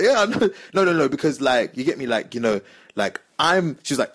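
A man's voice: medium pitch, big pitch swings, fairly quick, a bit bright, husky. A young man telling a story on a podcast, acting out the voices of the people in it. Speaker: podcast host. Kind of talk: casual storytelling chat.

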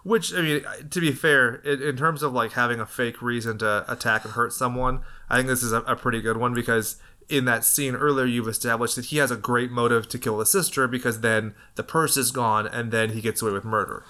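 Lively man retelling a film. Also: medium pitch, fairly quick. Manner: animated, acts out quotes in funny voices. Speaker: podcast co-host. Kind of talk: casual chat.

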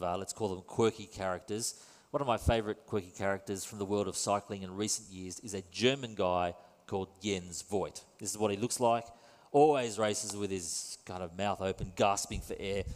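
A man preaching a sermon in a conversational, wry and self-deprecating way. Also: lowish voice. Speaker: pastor. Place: church. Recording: long reverb in a church hall.

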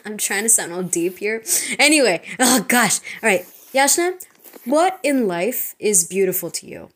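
A woman's voice: mid-range voice, lively intonation, measured pace, a bit bright. A young woman with an American accent co-hosting a podcast, chatting casually, laughing often and restarting her sentences. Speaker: podcast co-host. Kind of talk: casual chat.

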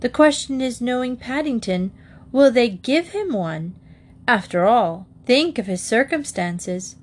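A woman's voice: on the high side, animated, unhurried, voice pushed up. A woman voicing a fussy elderly housekeeper who exclaims in alarm and speaks ominously.

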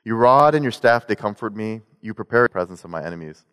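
A man giving a sermon in a relaxed, conversational way, mixing in jokes and personal stories. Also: fairly low pitch, quick pace, smooth. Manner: conversational, joking storytelling. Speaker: pastor. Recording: long hall reverb.

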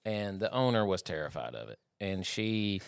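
A man, a veterinarian guest telling a story in casual chat on a podcast, animated and laughing as he goes. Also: low-pitched, normal speed, gravelly, clean tone, no room sound, studio quality.

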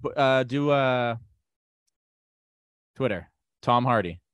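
A man's voice: medium pitch, slow pace, clean tone, no echo. A man co-hosting a podcast, riffing loosely and slipping into silly voices. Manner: riffing, animated, slips into voices. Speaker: podcast co-host. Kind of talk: casual banter.

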